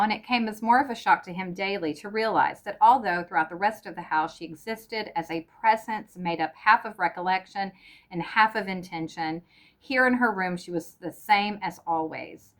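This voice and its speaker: A woman narrating a short story in a measured, even audiobook reading. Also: fairly low pitch.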